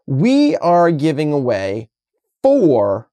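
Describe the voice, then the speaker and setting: Playful podcast co-host with a lively pitch. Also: very slow. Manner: playful, reads out quiz questions. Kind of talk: casual chat.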